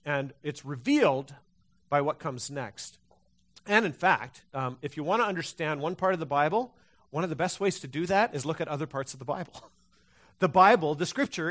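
A man preaching a sermon to his congregation. His voice sits a little high, and he talks in a lively, conversational way. He often repeats a word as he restarts a thought. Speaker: pastor.

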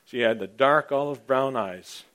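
Man, preacher, rambling sermon, mid-pitched voice, loud then hushed, clears his throat. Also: measured pace. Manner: rambling, informal, often clears throat, swings between loud and quiet.

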